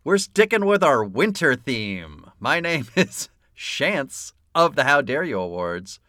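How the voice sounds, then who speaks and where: A man hosts a casual movie podcast, talking at an unhurried pace in a bright, forward voice. He jokes with his co-host, laughs easily and keeps the chat loose. The sound is close and dry. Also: mid-range voice, sing-song, no room sound.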